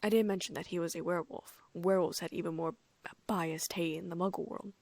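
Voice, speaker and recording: A woman reading a first-person fan fiction audiobook in a soft, often near-whispered voice. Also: lowish voice, steady tone, brisk, vocal fry, no room sound. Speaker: audiobook narrator.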